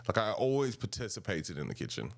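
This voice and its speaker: A man in his thirties with a South African accent, rambling and animated as he tells casual stories about his past. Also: on the low side, fast talker, gravelly. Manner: rambling, animated, restarts often. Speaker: podcast host. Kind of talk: casual storytelling monologue.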